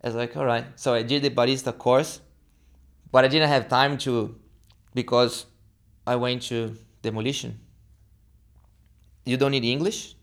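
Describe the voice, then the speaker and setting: A young adult man from Brazil, Portuguese being his first language, with a Brazilian accent, being interviewed and animatedly acting out quoted dialogue in halting English. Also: medium pitch. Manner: animated, acts out quoted dialogue, halting non-native phrasing. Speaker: guest. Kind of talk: casual storytelling interview.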